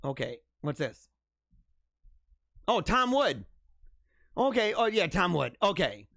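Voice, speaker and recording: A man's voice: high-pitched, very animated, takes it slowly, gravelly, fairly bright tone, no echo, clean studio sound. A man hosting a casual livestream, reading news items aloud and joking about them in a rambling way. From United States. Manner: rambling, joking, chuckles often. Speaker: livestream host.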